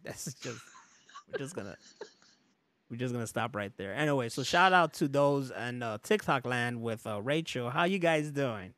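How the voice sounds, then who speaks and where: A man's voice: medium pitch, animated, moderate pace, a bit bright. A man hosting a podcast in loose casual chat, rambling, laughing often and swearing freely. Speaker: podcast host.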